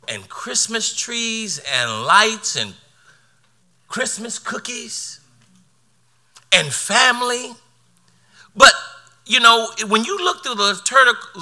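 A man's voice: high voice, bright, forceful tone. A middle-aged man preaching a sermon, telling a personal story with laughter and repeated words.

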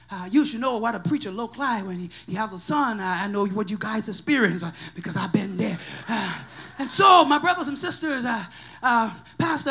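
A man from Africa with an African accent, preaching a sermon with a personal testimony in a sing-song, shouting style. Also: extremely high pitch. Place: church.

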